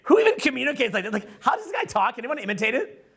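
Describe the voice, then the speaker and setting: A middle-aged man giving a casual, profane, rambling talk to a live audience as a social skills coach, loud and excitable. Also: very high voice, very fast, gravelly, slightly rough.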